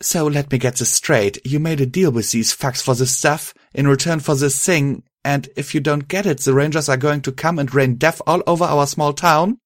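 A man's voice: a little high, normal speed, few pauses, no room sound, clean studio sound, pitched above the performer's own voice, natural voice. A man voicing Nurse Care, a stressed pony mare. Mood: angry. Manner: anxious, emotional outbursts. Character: kindly stressed mare, town nurse and mayor.

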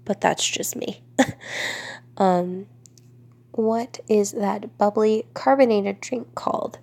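A congested young woman from Florida chatting casually to camera, drifting into soft whispers between answers. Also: mid-range voice, slow, gravelly. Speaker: vlogger.

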